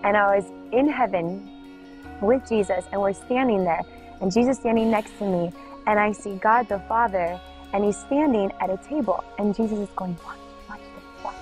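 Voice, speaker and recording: A woman giving an emotional personal faith testimony, speaking in halting bursts full of "like". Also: medium pitch, a little mellow. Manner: emotional, halting, many "like" fillers. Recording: music bed under voice. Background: clear music.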